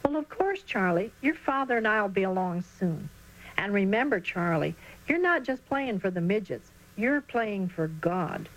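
Gentle devout mother, read by a woman, earnest, soft storybook voice. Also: mid-range voice, expressive, unhurried, lightly acted, poor audio. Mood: tender. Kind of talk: storybook reading.

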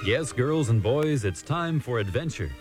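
Male announcer, mid pitch, lively swooping delivery over music, old radio feel. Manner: slow, drawn-out showman announcing. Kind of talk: children's radio program introduction.

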